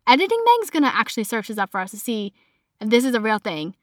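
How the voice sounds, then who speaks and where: A young adult woman with a Boston accent hosts a podcast, chatting casually in a monologue packed with "like." Her voice is on the high side with big pitch swings, and she talks fast. The clean studio sound has no echo.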